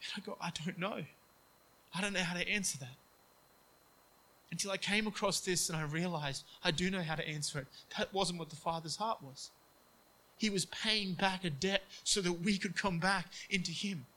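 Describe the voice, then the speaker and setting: A man preaching a sermon earnestly, acting out quoted voices in hushed tones. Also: sits high, moderate pace, rough recording.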